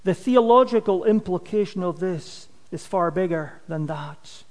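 A man's voice: high voice, expressive, unhurried, long reverb tail. A man preaching a sermon, earnest and emphatic, his voice falling away at the end of phrases. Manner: earnest, emphatic, drops loudness at phrase ends.

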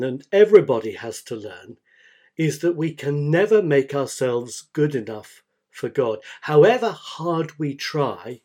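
A man preaching a sermon as pastor, speaking deliberately and repeating key phrases for emphasis. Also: fairly high pitch, darkish tone.

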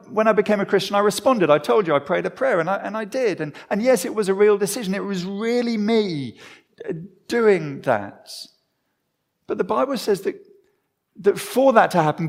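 A man preaching a sermon in a conversational way, with a gravelly, creaky edge to his voice. He often starts a phrase and restarts it before going on. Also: on the high side.

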